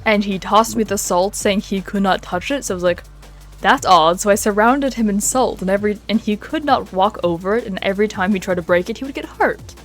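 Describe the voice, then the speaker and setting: A woman playing a mischievous roleplay character who tells gossip in an animated, playful way. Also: mid-range voice, a little fast, faint music behind, lightly acted. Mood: gossipy.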